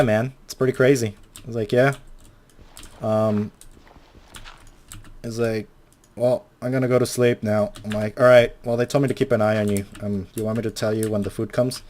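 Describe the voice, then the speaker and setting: A man's voice: on the low side, a little mellow. Rambling, swearing young man telling a story. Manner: rambling, swears a lot, acts out quotes. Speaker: Minecraft video maker. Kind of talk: casual storytelling while playing.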